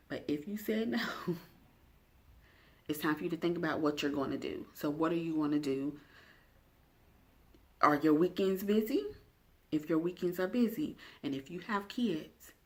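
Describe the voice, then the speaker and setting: A woman's voice: sits low, normal speed, pauses often. Chatty woman vlogger asking viewers questions. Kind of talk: casual self-care check-in talking to camera.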